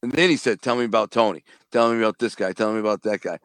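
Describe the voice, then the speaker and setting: A man, a former mob enforcer and author, telling animated, slangy stories in an interview. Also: lowish voice, fast, smooth, dry recording. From Detroit. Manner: animated, streetwise storytelling with slang and acted-out dialogue. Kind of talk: casual storytelling interview.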